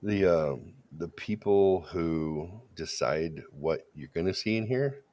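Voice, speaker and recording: Blunt, deep-voiced man on a podcast. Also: slow, a little mellow. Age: adult parent. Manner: blunt, crude storytelling with frequent restarts. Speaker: podcast co-host. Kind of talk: casual opinionated chat.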